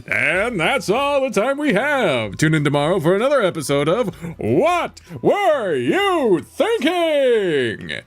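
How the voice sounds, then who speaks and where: A man's voice: sits high, wildly swooping pitch, slow pace, voice pushed up, exaggerated voice. A man voicing a brash, mocking talk-show host who trashes people. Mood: snarky. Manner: theatrical, mocking delivery.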